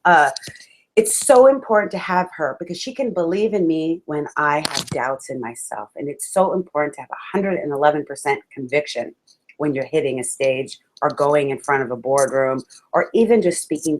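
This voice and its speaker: Passionate woman speaker, lowish voice. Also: rough recording. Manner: passionate, emphatic, calls listeners "friends"; laughs often between lines. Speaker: motivational speaker. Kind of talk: live motivational talk to an audience.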